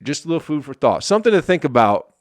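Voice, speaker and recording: A man's voice: a little high, sing-song, quick pace, dry recording. A male comedian from Michigan hosting his podcast in a casual, sarcastic monologue, swearing often and laughing at his own jokes. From Flint, Michigan.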